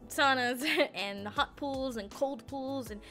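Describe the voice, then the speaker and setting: Young woman, bright and slightly high voice, giggly rambling vlog storytelling, faint music behind. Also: slow pace. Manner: giggly, rambling, self-conscious. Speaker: vlogger.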